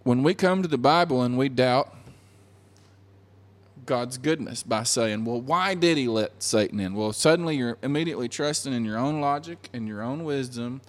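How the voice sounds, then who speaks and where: Man, casual religious discussion, animated, acts out quotes. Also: medium pitch, moderate pace. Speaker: podcast co-host.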